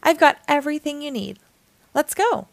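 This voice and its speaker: A woman's voice: high-pitched, big pitch swings, moderate pace, creaky, no echo, pitched above the performer's own voice, full character voice. Woman reading as a cheerful old Santa. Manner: warm, smiling, gently explaining.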